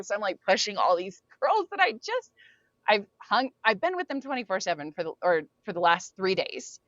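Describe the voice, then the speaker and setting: A woman talks through a personal story as a podcast guest, her speech loose and casual and sprinkled with "like" and "um". Her voice sits fairly low for a woman. The recording is dry and a little dull, with no room around her. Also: expressive, normal speed, dry recording. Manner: casual, frequent "like" and "um" fillers.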